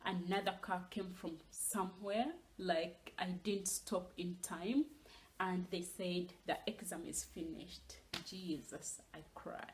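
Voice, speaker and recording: A young woman telling her own story in a casual vlog, animated and dropping into whispers for asides. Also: lowish voice, takes it slowly, a little hiss or hum, poor audio. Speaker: vlogger.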